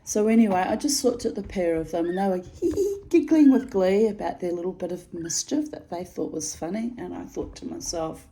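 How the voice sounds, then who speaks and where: A woman's voice: lowish voice, normal speed, hardly any pauses, mellow, low-quality recording. A middle-aged woman telling a personal story to camera in a frank, aggrieved way, swearing freely. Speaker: video storyteller.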